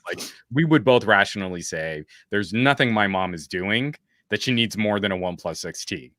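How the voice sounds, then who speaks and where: A man in his thirties hosts a loose tech chat, rambling happily through family anecdotes. His voice is bright and forceful though pitched a little low. The recording is dry and close. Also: animated, normal speed, no echo. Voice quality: chatty, tangent-prone storyteller. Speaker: host.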